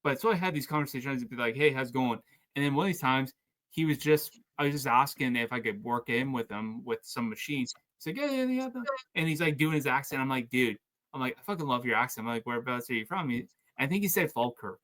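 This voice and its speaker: A man's voice: mid-range voice, quick pace. Man telling stories on a podcast. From Canada. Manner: storytelling, animated, stumbling restarts. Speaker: podcast host. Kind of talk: casual podcast chat.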